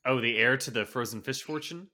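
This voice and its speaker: A man's voice: mid-range voice, brisk, pushed and bright. A man co-hosting a podcast, reading news items aloud with sarcastic, wry asides in a casual chat. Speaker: podcast co-host.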